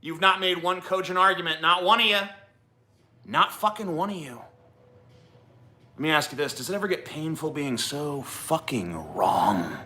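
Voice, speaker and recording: Guy ranting at his stream chat, swearing nonstop, sharp bright voice. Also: a little high, moderate pace. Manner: profane, combative ranting at chat. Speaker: livestream host. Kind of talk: ranting livestream commentary.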